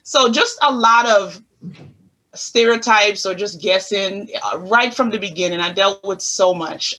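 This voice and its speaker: A middle-aged woman from the U.S. Virgin Islands with a Caribbean accent, telling her story as an interview guest in an animated way. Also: mid-range voice, unhurried, poor audio. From St. Thomas, U.S. Virgin Islands. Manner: animated storyteller acting out quoted questions. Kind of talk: conversational interview.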